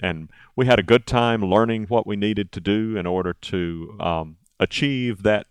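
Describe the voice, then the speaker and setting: A man co-hosting a farm radio show in friendly, unhurried chat. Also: on the low side, clean tone, no room sound, studio quality.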